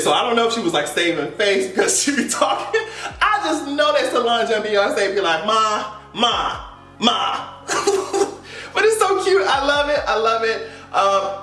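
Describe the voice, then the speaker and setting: Sassy high-voiced man ranting. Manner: animated, sassy, swears freely, laughs often. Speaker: vlogger. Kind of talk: casual pop culture commentary. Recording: echoey room, mic at a distance.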